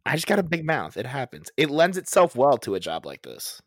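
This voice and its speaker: A young man co-hosting a casual podcast, chatty and animated, swearing casually while telling stories. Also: mid-range voice, fairly quick, no echo, clean studio sound. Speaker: podcast co-host.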